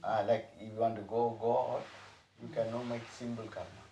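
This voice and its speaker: Gravelly guy preaching in broken english, kinda far from the mic in an echoey room. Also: lowish voice, moderate pace, a little hiss or hum. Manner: broken English, repetitive, animated bursts. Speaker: spiritual teacher. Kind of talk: informal spiritual talk.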